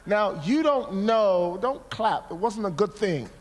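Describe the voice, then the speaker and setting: A man preaching a sermon, telling a personal story in an animated way, acting out his own past words and sometimes breaking into shouts. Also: high voice, takes it slowly, background noise. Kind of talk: sermon testimony. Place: large church hall. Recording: long hall reverb.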